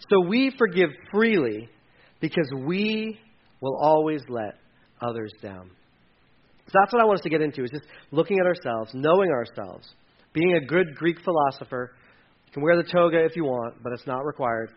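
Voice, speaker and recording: A man's voice: fairly high pitch, animated, moderate pace, muffled recording. A man preaching a sermon in a conversational, jokey way, acting out little voices as he retells the scripture. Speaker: pastor.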